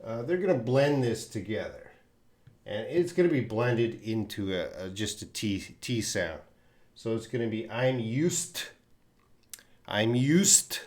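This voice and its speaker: A man's voice: lowish voice, expressive, normal speed, darkish tone. A man from Canada, teaching live and answering viewers by name, patient and full of fillers and restarts. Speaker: English teacher. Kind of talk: live-streamed English lesson reading viewer chat. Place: indoor room at a desk with a board.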